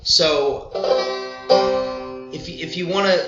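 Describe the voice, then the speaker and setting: A man's voice: on the high side, takes it slowly, loud music behind the voice. An older man and old-time fiddler telling a humorous, rambling story at home, wandering off into digressions and asides along the way. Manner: meandering, full of digressions and asides. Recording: roomy, slightly dull home recording.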